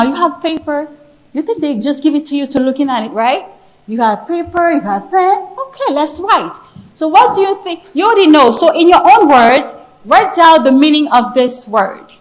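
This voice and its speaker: High-pitched woman teaching a room, lively teacher vibe, repeats stuff to drive it home. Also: poor audio. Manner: animated, teacherly, repeats words for emphasis. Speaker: speaker teaching pronunciation. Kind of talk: interactive classroom-style talk. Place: conference hall.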